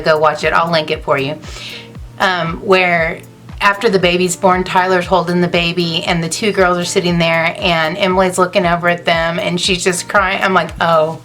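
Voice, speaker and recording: A woman's voice: lowish voice, fairly bright tone. A woman talking casually through her makeup in a rambling, gushing get-ready-with-me vlog. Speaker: beauty vlogger.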